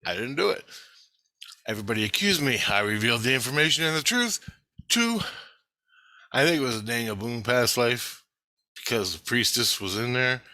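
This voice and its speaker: Agitated swearing man, bright dry voice. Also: lowish voice, dry recording. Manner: heavy swearing, agitated storytelling. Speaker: vlogger. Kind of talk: rambling monologue.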